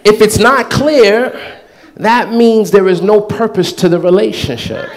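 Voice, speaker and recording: Male preacher, high voice, lively and playful in delivery. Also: measured pace. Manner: animated, playful, acts out quoted voices with laughter. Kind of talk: sermon.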